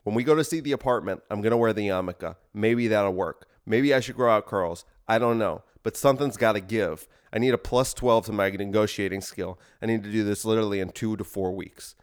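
A man's voice: lowish voice, brisk, few pauses, clear, resonant tone. A man hosting a podcast, delivering a rambling, self-deprecating comic monologue. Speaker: podcast host.

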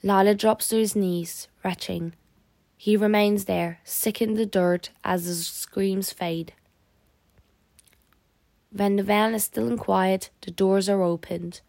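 Woman narrating a novel, gravelly. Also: medium pitch, slow pace, dry recording. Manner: steady, grave storytelling. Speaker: audiobook narrator. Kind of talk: scripted narration.

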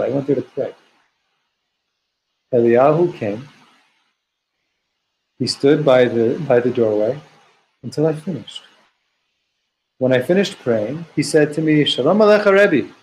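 A man leading a text study class. He translates Hebrew and Aramaic phrases line by line and slows down to quote verses. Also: mid-range voice, dark tone, low-quality recording. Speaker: teacher.

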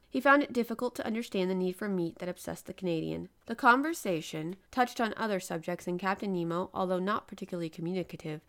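A woman reading a novel aloud as an audiobook narrator, with a measured, expressive delivery that slows for emphasis. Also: lowish voice.

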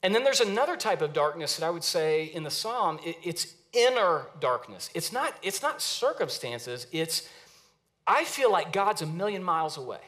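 A male pastor preaching to his congregation in an earnest, dramatic way. His voice sits a little high for a man, and he often restarts his phrases as he builds toward the scripture. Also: very animated, moderate pace, sharp tone. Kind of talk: sermon.

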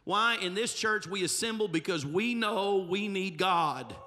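Bright high-voiced preacher in a reverberant church. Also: male voice, lively intonation, unhurried. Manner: humorous, emphatic preaching with asides. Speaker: pastor. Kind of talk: sermon. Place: church sanctuary.

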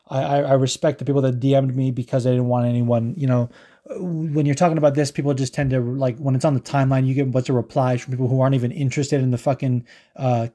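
Brief: male podcast host, mellow dark tone, angry swearing rant, trips over words. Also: mid-range voice. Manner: heated, profane, stumbling restarts. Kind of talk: casual ranting podcast talk.

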